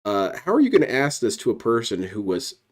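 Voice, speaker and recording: A man's voice: mid-range voice, huge pitch swings, brisk. A man giving dry, mocking commentary while reacting to a played stream clip.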